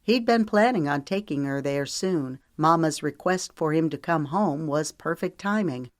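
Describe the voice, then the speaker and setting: A woman with a low voice narrates a romance audiobook, steady and measured. She sits close to a studio mic in a dry, dead room with no echo. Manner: smooth, measured storytelling. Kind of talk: scripted narration.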